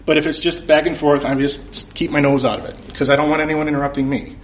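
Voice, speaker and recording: A man's voice: on the high side, little pitch movement, fast, very noisy. A man telling a comic, self-mocking story on stage at a convention, laughing at his own jokes. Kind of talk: live comedic storytelling. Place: convention stage before a live audience.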